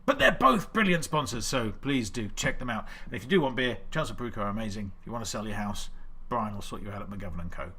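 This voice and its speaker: A man hosts a live-streamed online quiz, chatty and self-deprecating as he greets viewers by name and reads out questions and scores. His fairly low voice is expressive, quick, pushed and bright, with a slight roughness.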